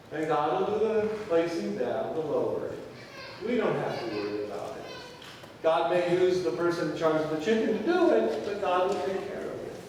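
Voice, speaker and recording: Guy pastor telling a sermon story, kinda high voice, sounds far off in a big echoey church, faint room hum. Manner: acts out quoted voices, drops to quiet for key points. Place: large church sanctuary.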